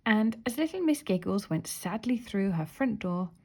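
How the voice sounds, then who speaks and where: A woman reading a children's storybook aloud, expressive with soft whispered asides. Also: mid-range voice, moderate pace, slightly rough. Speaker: story reader.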